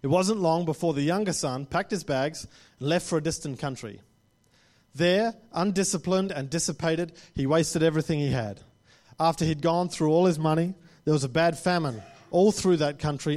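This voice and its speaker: A man's voice: fairly high pitch, darkish tone. A man preaching a sermon to a congregation, speaking conversationally and often checking in with "right?".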